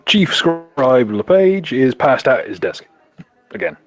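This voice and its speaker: A man's voice: mid-range voice, sing-song, a little slow, no room sound. A man narrating a tabletop game as game master, laughing and swearing as he stumbles over words.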